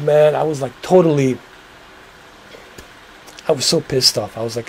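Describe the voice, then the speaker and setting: A man's voice: medium pitch, steady tone, moderate pace, vocal fry, long pauses, darkish tone, slight background noise, low-quality recording. A man hosting a livestream, chatting casually and rambling to his viewers, swearing now and then. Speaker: livestream host.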